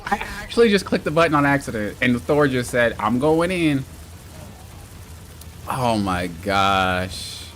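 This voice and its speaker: A man live-streaming a video game with excitable, exclamatory commentary, yelling at mishaps and trash-talking his friends. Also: on the high side, brisk, few pauses, slight background noise.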